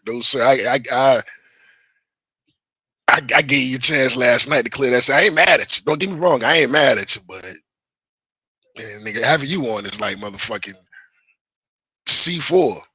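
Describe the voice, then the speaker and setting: A man's voice: mid-range voice, animated, moderate pace, long pauses, sharp tone, husky, no room sound, rough recording. A man hosting a livestream, ranting to his chat in a heated, defensive way, swearing and repeating himself. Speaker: livestream host. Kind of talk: casual livestream rant to chat.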